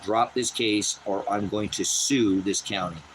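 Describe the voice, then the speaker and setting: Man ranting outdoors about court stuff, swears a lot, repeats himself, voice jumps way up high when he gets worked up, faint car and outdoor noise behind. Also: steady tone, a little slow, poor audio. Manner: agitated, repetitive, profane, rising to a high strained pitch when upset. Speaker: host of a personal channel. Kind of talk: unscripted personal rant. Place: rural property outdoors.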